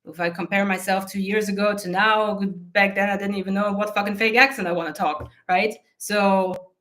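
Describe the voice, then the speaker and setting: A woman's voice: mid-range voice, steady tone, moderate pace, a bit bright. A woman coach hosting her own channel, talking casually to camera in a blunt, profane, often laughing way. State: teary eyes from allergy. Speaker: mindset coach and channel host.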